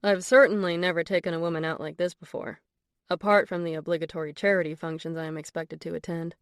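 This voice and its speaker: A woman voicing a confident, flirtatious wealthy man in an audiobook, speaking low and measured. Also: fairly even intonation, clear, resonant tone, no room sound, clean studio sound, close to an everyday voice. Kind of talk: audiobook character voice.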